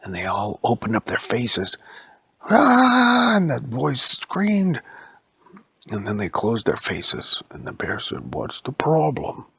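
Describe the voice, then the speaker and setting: A man telling a bedtime story in a slow, hushed, often whispered voice. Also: on the low side, sing-song, vocal fry, slightly rough, dry recording.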